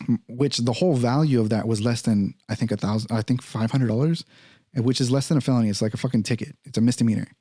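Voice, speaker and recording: Talking quickly at a medium pitch, a podcast host tells a story in casual, profane language, animatedly acting out the voices of the people he quotes. The audio is clean studio sound with no echo.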